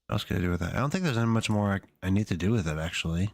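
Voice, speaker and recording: A man's voice: on the low side, expressive, racing, creaky, dry recording. A man casually thinking aloud to himself as he composes music on a stream, hesitant and muttering. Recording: music playing faintly behind.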